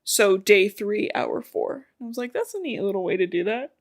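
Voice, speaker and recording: A woman's voice: medium pitch, animated, moderate pace. A young woman podcast co-host retelling a novel's plot in casual chat, swearing freely and acting out the characters' lines. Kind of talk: casual book recap chat.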